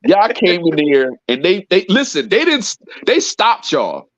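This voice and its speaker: A boisterous man trading heated sports banter on a podcast, his voice swinging up and down with lively pitch. He teases and talks over the others. The sound is dry and a little dull, like a lo-fi recording. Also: measured pace, dry recording. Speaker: podcast host.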